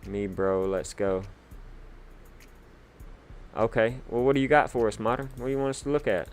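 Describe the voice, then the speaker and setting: A man hosting a casual livestream, chatty and excitable, with lots of fillers, shout-outs and sudden bursts of hype. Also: mid-range voice, normal speed. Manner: hyped, chatty, full of fillers. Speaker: livestream host.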